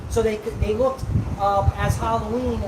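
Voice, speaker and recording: A man street preaching outdoors in a forceful, scolding way, checking in with "okay?" and "all right?" as he goes. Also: high voice, fairly even intonation, normal speed. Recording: roomy outdoor recording, heavy street noise from a distance. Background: traffic and street ambience.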